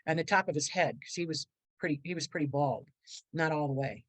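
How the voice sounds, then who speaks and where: A middle-aged woman appears as a podcast guest; she's a motivational speaker telling a personal story in a rambling, earnest way, acting out other people's voices. Her voice is low and brisk. The audio is poor but has no echo.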